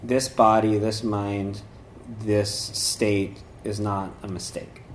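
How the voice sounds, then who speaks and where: A man's voice: lowish voice, little pitch movement, takes it slowly, a little hiss or hum. A man giving an informal talk on meditation and yoga traditions, rambling conversationally with many fillers and restarts. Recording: echoey room.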